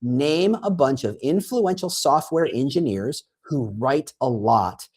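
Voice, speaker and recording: Husky guy talking animated, bouncy voice, acting out what people say. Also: medium pitch, slow pace. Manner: lively, acts out quoted prompts and reactions. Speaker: guest, recruiting consultant. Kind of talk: animated conversational explanation.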